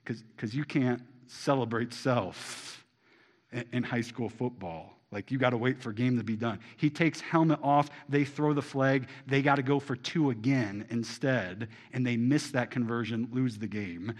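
A man preaching a sermon to a congregation, asking them rhetorical questions and swinging between loud emphasis and quiet asides. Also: medium pitch, unhurried. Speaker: pastor.

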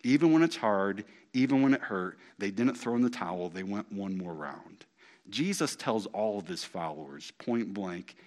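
Animated, emphatic middle-aged male preacher. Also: fairly low pitch, moderate pace. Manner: animated and emphatic, with big swings from loud to hushed; repeats key phrases for emphasis. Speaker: pastor. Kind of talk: sermon.

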